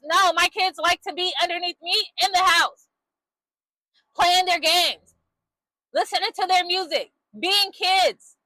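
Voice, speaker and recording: A young woman, a mother, speaking bluntly and angrily into her phone, swearing freely, her voice dropping low when she gets upset. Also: a little slow, pushed and bright, no echo, poor audio. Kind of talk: emotional vlog monologue.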